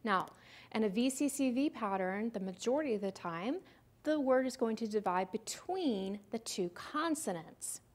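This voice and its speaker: A woman's voice: fairly high pitch, lively intonation, moderate pace. A woman giving a recorded lecture on phonics, explaining step by step in a patient, teacherly way and sounding out words as she goes. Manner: models the sounds aloud. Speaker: literacy presenter.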